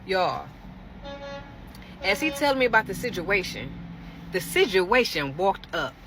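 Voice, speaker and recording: A young adult woman casually telling a dramatic dating story straight to her viewers, animated and expressive. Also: mid-range voice, measured pace, background noise.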